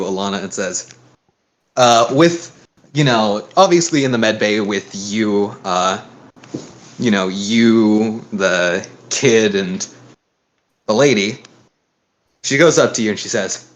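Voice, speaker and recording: A man narrating as game master, animated and self-deprecating about his own voices. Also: fairly low pitch, takes it slowly, long pauses. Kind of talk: narrating a tabletop game on stream.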